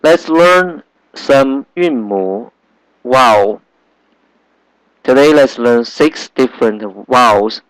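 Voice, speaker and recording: A man gives a slow, careful language lesson. He speaks at an unhurried pace and patiently repeats each sound for his learners. His voice sits in a middle pitch and is recorded dry and close. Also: expressive, dry recording, rough recording. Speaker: Chinese language teacher.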